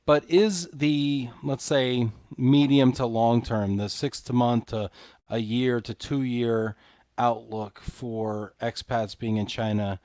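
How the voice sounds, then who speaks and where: A man's voice: mid-range voice, steady tone, slow, a little mellow, no echo, studio quality. A man hosting a live interview show, upbeat, reading viewer comments aloud and asking follow-up questions. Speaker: host.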